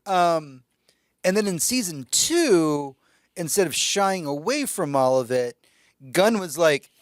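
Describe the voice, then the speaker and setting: A man's voice: on the high side, lively intonation, slow, no room sound, studio quality. A man co-hosting a podcast, talking loosely and enthusiastically, swearing casually. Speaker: podcast co-host.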